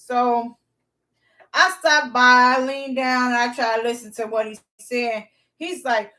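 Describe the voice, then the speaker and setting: A woman vlogger telling a story to her viewers in a blunt, profane, lively way. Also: high-pitched, measured pace, far from the mic, rough recording.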